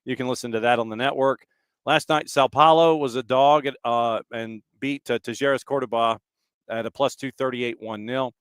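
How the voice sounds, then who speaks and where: Smooth-voiced male podcast host. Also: medium pitch, normal speed, no echo. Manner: relaxed, runs through betting odds in a list. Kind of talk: casual chat.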